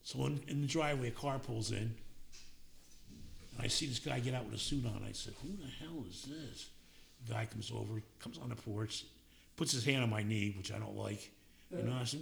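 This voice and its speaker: An older man tells a personal story in a gravelly, worn voice, plain and unpolished. He acts out what each person said as he goes. Faint noise sits behind him. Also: on the low side. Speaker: speaker sharing his recovery story.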